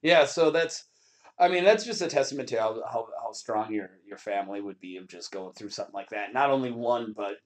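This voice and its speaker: A man hosts a casual podcast from a basement studio, rambling with lots of fillers and restarts. His voice is fairly low and he talks a little fast.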